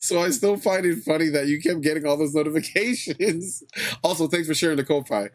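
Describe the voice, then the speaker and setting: A man hosting a livestream, chatting casually with viewers in a relaxed way, swearing often and repeating his phrases. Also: on the high side, brisk. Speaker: livestream host.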